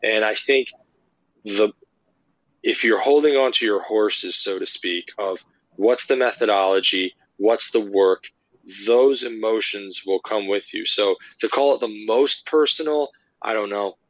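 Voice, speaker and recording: A man, a paranormal investigator, telling lively, rambling anecdotes with lots of fillers in a casual interview. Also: fairly low pitch, measured pace, dry recording, muffled recording.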